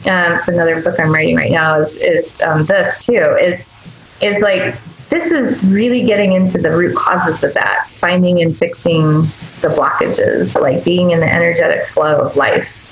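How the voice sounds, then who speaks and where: A woman's voice: fairly low pitch, fairly even intonation, normal speed, echoey room, slight background noise, low-quality recording. A woman speaking as the guest doctor in a podcast interview, earnest and emphatic, sometimes acting out tender quoted asides.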